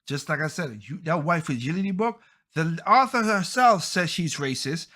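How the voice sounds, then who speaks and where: A man's voice: on the high side, expressive, normal speed, bright, forceful tone. A man hosting a podcast, giving heated, blunt opinion commentary and often stumbling over and repeating his words. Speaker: podcast host.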